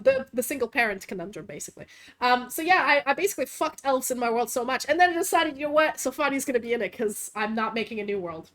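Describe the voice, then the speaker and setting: Rambling woman with a higher voice. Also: lively intonation, quick pace, a bit bright. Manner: rambling, lots of fillers and restarts. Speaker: vtuber host and game master. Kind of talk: casual chat.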